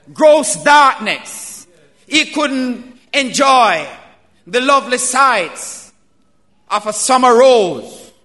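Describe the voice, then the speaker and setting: A man preaching a sermon, slow and emphatic, building to loud calls. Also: very high-pitched. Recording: reverberant hall.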